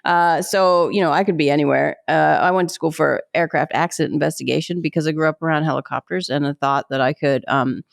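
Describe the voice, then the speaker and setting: A woman's voice: deep voice, a little fast, vocal fry, hardly any pauses. A woman from Pittsburgh with a mild Pittsburgh accent, a comedian guest telling stories in a rambling, self-deprecating way in a casual interview. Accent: mild Pittsburgh American. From Pittsburgh, USA. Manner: rambling, self-deprecating, laughs often, animated when acting out voices. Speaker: guest, comedian and military spouse.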